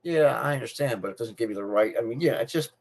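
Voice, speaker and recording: A middle-aged man talks fast in a medium-pitched voice that is gravelly, husky, and darkish in tone. As a channel host chatting casually and personally to camera, he repeats and restarts phrases because of a speech difference that isn't a stutter.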